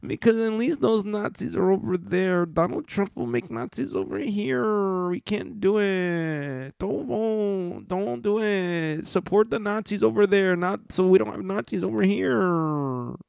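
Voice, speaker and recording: A man's voice: high voice, expressive, measured pace, gravelly, hardly any pauses, a little mellow, clean tone, no echo, studio quality, voice pushed up, full character voice. A man putting on a sarcastic, condescending impression of a female government spokesperson. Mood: mocking.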